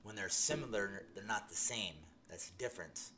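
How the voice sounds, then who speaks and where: A man tells his personal healing testimony in a lowish voice, emphatic and excited, stumbling over restarts as he goes. A faint hum of room ambience sits under his voice. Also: moderate pace. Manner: excited, laughing, emphatic storytelling with many restarts. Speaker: testimony speaker.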